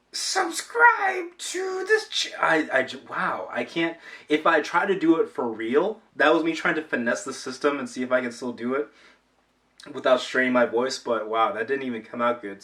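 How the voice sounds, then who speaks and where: A man's voice: medium pitch, fairly bright tone, distant mic. A young man from Rhode Island chatting casually on his own channel, rambling and self-deprecating. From Rhode Island, USA. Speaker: YouTube channel owner. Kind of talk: casual vlog chat.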